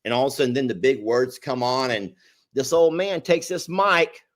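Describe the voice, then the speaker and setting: A man co-hosting a casual chat show, telling a story with a lot of energy. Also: moderate pace. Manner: animated storyteller, pitch jumping up when excited. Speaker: podcast co-host.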